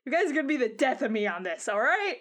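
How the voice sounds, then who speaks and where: Fretful crew boss lady, stumbles over her words, swears a lot, kinda high voice, woman gm playing her. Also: very animated, fast. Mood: exasperated. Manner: stammering, rambling, swears casually. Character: protective exasperated woman crew leader.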